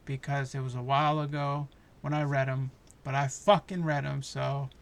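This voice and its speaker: A man's voice: fairly high pitch, creaky, fairly bright tone. A man giving a heated, profane, passionate review of a show, talking in a casual rant.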